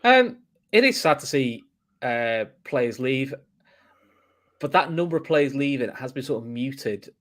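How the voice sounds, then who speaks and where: A man co-hosting a football reaction podcast, reading a sponsor ad and chatting casually. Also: mid-range voice. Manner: reads the sponsor ad in a quick, chatty way. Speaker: podcast co-host.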